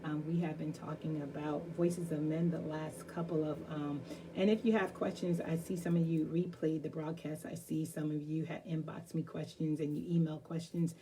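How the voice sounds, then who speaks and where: A woman's voice: flat delivery, moderate pace, slight background noise, poor audio. A woman hosting a live online talk show, talking casually with many fillers and eagerly repeating herself. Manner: gets louder and higher calling to a guest.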